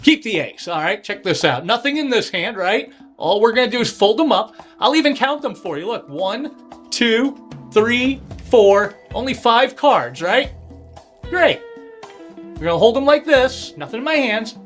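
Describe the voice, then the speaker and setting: A very high-pitched, very animated man speaks a little slowly in a fairly bright tone, with faint music behind him. Hosting a casual livestream sale as a seller and breaker, he chats with viewers and works card tricks into his patter.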